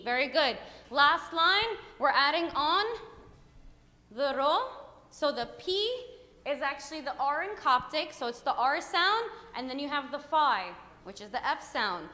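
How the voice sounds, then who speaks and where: A woman teaching a hymn class, upbeat and coaxing, calling out brisk prompts to her students. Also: high voice, pushed and bright. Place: church hall classroom. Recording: echoey hall reverb.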